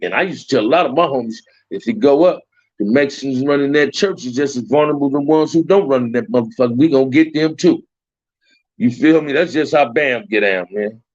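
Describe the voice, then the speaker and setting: A middle-aged man from Compton, Los Angeles hosts a loose, slang-filled livestream, chatting casually with viewers and often repeating his phrases. His voice is medium-pitched and brisk. The stream audio is dull, dry and lo-fi, with no room sound.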